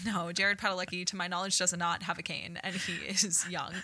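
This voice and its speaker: A woman's voice: on the low side, little pitch movement, brisk, pushed and bright. A woman co-hosting a podcast, telling a funny story in casual chat and acting out the people in it while laughing. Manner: laughing storyteller, acts out quotes. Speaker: podcast co-host.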